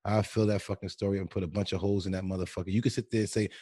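A man's voice: low-pitched, flat delivery, racing, warm tone, breathy edge, no room sound, studio quality. A man hosting a podcast, telling stories in casual chat, profane and often laughing. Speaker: podcast host.

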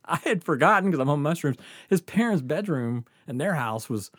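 A man's voice: a little high, lively intonation, a little fast, a bit bright, dry recording. A man telling a rambling, laugh-filled story as a podcast guest, swearing freely and stumbling over his words. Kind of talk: casual storytelling.

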